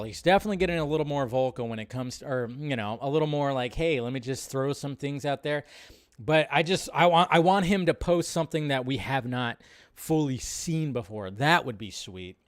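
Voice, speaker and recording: Male stream host, slightly high voice, smooth and clean, dry close sound, excitable and profane. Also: dry recording. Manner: excitable, swearing, lots of fillers. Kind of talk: casual live-stream chat.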